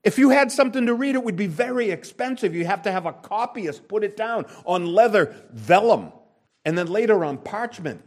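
Emphatic male preacher with a lively pitch. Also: normal speed. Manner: emphatic preaching with wide swings in pitch and loudness; rhetorical questions to the congregation. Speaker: pastor. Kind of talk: sermon.

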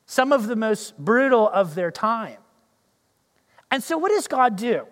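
A male pastor preaching a sermon, telling the story in a lively way and acting out the characters' lines. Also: very high-pitched, unhurried, in a large hall.

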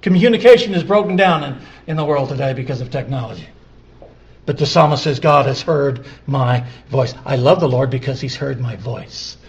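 A man preaching a sermon, repeating scripture phrases and building from quiet, drawn-out lines to loud emphatic peaks. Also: mid-range voice, highs cut off.

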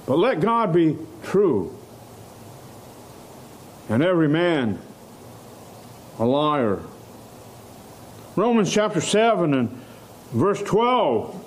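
A man preaching a sermon, slow and emphatic, stressing key words and letting out short laughs. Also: fairly high pitch, a little mellow, slight background noise.

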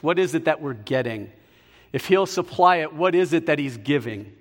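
A man preaching a sermon, emphatic and slowing down on key words, in a large hall. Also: high voice. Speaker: pastor.

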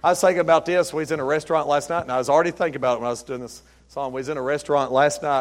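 A middle-aged man preaching a sermon as pastor, folksy and storytelling, rising to loud emphatic peaks. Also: fairly high pitch, racing, few pauses, in a large hall. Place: church sanctuary.

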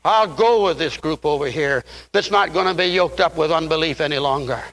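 An older man preaching a fiery sermon, swinging from loud impassioned peaks down to low, quiet asides. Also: fairly quick, creaky.

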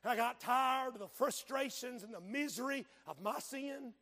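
An older man preaching an impassioned revival sermon and prayer, swinging from hushed tones to shouting, his voice breaking with emotion. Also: very high voice, moderate pace.

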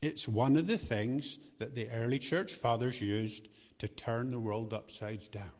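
Middle-aged man, lay preacher, chatty sermon with jokes and restarts, mid pitch. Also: unhurried, darkish tone. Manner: chatty, joking asides to the congregation; frequent restarts and repeated words.

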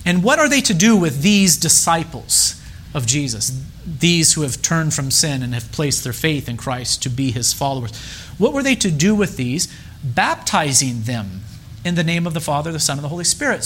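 Man preaching a sermon, pastor, slightly high voice, deliberate and emphatic, pausing between phrases. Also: sing-song, fairly bright tone, slight background noise.

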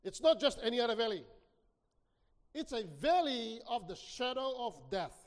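A man preaching a sermon, reading scripture dramatically, with sudden swings between near-hushed lines and shouted ones. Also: very high voice, big pitch swings, normal speed. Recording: long hall reverb.

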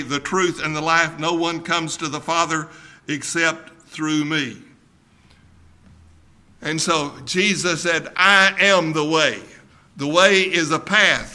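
Slow, bright-voiced preaching man. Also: fairly high pitch. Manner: slow, emphatic preaching with repeated words. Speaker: pastor. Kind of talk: sermon.

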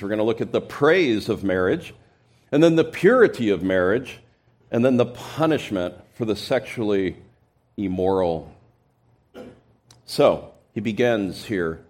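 Male pastor, mid-pitch, verse-by-verse sermon, emphatic swells on key words. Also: a little mellow. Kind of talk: expository sermon.

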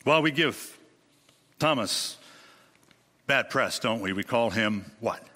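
A man preaching a sermon, speaking emphatically with dramatic swings in pitch and rhetorical questions to his congregation. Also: lively intonation, takes it slowly, pushed and bright. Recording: long hall reverb.

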